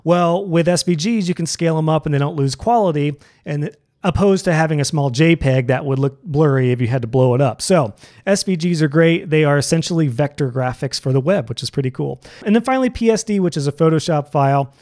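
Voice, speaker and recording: A man walks through a design tutorial in a relaxed, upbeat way. His voice sits a little higher than most men's, and he leans on each new list item before easing into the details. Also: brisk. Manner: upbeat, conversational teaching with emphatic list openers. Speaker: web design instructor. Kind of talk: explanatory tutorial.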